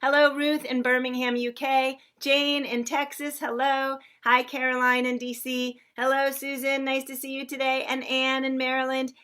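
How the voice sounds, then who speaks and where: Female sing-along host, high and bright-toned, effusive livestream greeter. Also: flat delivery, normal speed, few pauses, clean tone. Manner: effusive and chatty. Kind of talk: livestream welcome, greeting viewers by name. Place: indoors in a shared room with other singers.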